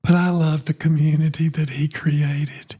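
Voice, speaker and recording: Man, pastor, husky, mellow tone, flat delivery, halting with ums. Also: fairly high pitch. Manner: soft-spoken, halting with frequent ums. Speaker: pastor and podcast co-host. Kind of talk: casual conversation.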